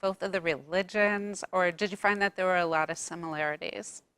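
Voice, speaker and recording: A woman's voice: on the low side, fairly even intonation, a little fast, fairly bright tone, clean tone, dry recording. Curious woman interviewer. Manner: brief reactions and curious follow-up questions. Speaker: interviewer, host. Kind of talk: interview questions.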